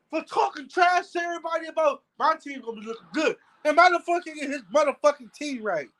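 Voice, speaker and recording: A man's voice: very high voice, bright, forceful tone, poor audio. A man ranting angrily as a football fan on his own video channel, cursing and stammering over his words. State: angry. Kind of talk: heated fan rant vlog.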